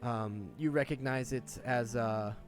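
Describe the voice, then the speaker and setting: A young man narrating a tabletop game as game master, rambling with many pauses and restarts. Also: mid-range voice, soft background music.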